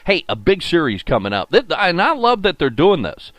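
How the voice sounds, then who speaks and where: A man's voice: on the high side, huge pitch swings, moderate pace, fairly bright tone, no room sound. An older man hosting a solo sports talk show, folksy and rambling with lots of fillers. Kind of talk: solo sports radio podcast monologue.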